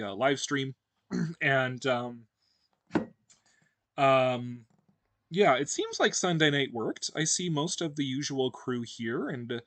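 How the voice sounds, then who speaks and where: A man hosting a casual livestream chat, rambling with many fillers and pauses. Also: a little high, a bit bright, no echo. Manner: rambling, lots of fillers and hesitations. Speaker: host.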